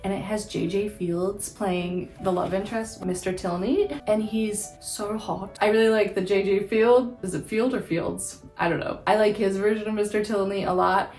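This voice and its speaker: A young woman from the United States chats casually to her camera, gushing and candid and cursing lightly. Her voice sits at an ordinary middle pitch. The room around her rings a little, with faint music underneath. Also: steady tone, normal speed, hardly any pauses, a little mellow, echoey room. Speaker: vlogger. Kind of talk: casual chat.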